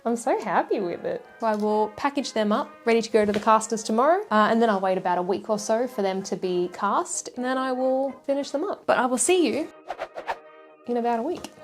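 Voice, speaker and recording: A woman's voice: a little high, brisk, faint music behind. An Australian woman chatting casually to camera in a vlog from her home jewellery studio, rambling and self-deprecating. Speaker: jewellery maker and vlogger.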